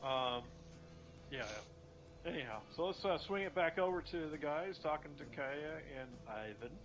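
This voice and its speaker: A man's voice: fairly high pitch, animated, a little slow, a bit bright. A man running a tabletop game as game master, talking in a rambling, loose way. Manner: rambling, loose, many fillers and restarts. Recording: dull lo-fi sound with music behind.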